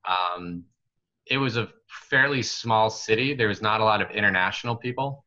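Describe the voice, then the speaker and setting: A man in his twenties telling a story as a guest on a casual podcast, chatty and relaxed, full of fillers like "like" and "you know". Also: fairly low pitch, normal speed. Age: 20s. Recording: slightly muffled lo-fi recording.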